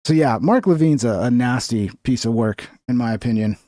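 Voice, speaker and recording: A man's voice: medium pitch, moderate pace, dark tone, no room sound, clean studio sound. A man giving casual reaction commentary, blunt and profane, with many fillers. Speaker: streamer.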